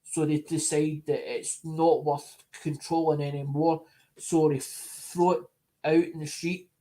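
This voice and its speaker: Man, slightly high voice, casual vlog chat, rambling, repeats and restarts phrases. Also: level tone, dark tone. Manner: talks to supporters in an unhurried, chatty way. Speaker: coin collector vlogger.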